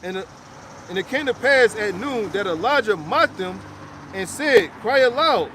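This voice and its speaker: A man reading scripture aloud, loud and halting, a bit away from the mic. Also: high voice, animated, slight background noise. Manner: reads scripture loudly with halting starts.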